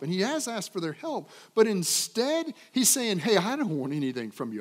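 A man preaching a sermon with dynamic delivery, swinging from loud emphatic peaks to low trailing phrase ends. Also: big pitch swings, normal speed. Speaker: pastor. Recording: long hall reverb.

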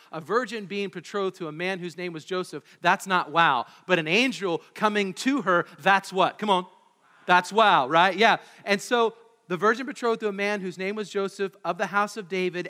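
A male pastor giving an animated, conversational sermon in a church, asking his congregation questions as he goes. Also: high-pitched, moderate pace. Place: church sanctuary. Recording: echoey hall.

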